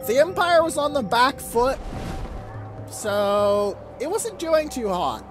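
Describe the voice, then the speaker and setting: An animated gamer talks the viewer through a strategy campaign, swearing freely along the way. The pitch leaps around a lot. Game music plays clearly underneath the desk-mic commentary. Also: takes it slowly. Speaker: let's play gamer. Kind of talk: casual gameplay commentary.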